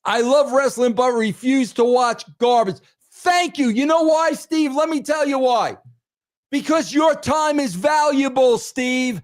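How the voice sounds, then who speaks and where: A man's voice: very high voice, measured pace. A middle-aged man hosting a wrestling show, ranting in a crude, exasperated way and repeating himself for emphasis. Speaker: host. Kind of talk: ranting commentary.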